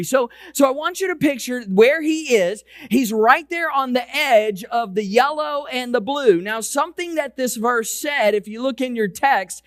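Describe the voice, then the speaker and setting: A male pastor preaching a conversational sermon, slowing down and dropping his voice to stress key points. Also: dry recording, studio quality. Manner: slows and lowers voice for emphasis; conversational preaching with repeated restarts. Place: church sanctuary.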